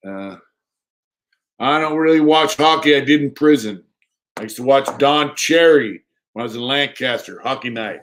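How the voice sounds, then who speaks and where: A man's voice: medium pitch, moderate pace. A man chatting casually on a livestream, rambling and repeating himself, reading out viewer comments and talking to his dog in between. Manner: rambling, repeats himself, reads chat aloud. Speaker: livestream host.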